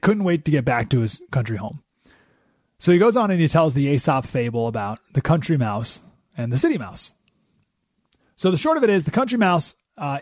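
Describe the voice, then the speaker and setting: A man hosting a talk radio show, telling a story in an animated way, swinging between loud emphasis and quiet asides. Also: medium pitch, no room sound, clean studio sound.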